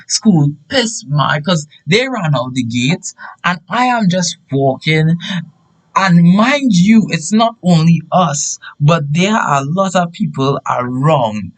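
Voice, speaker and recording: A young man with a fairly high voice tells a personal story. His delivery is animated and emphatic, and it rises into bursts of shouting when the story heats up. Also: slow pace, poor audio. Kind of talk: casual story time.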